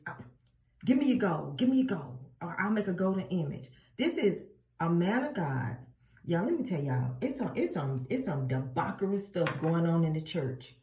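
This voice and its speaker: A woman teaching a Bible lesson in a casual preaching style, animated and calling her listeners y'all. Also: low voice. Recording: roomy echo.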